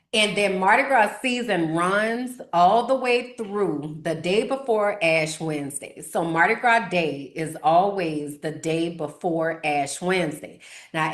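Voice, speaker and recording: Podcast host, woman, New Orleans accent, lowish voice, chatty and teasing, roomy echo. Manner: chatty, teasing, addresses the chat directly. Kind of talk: casual livestream explainer.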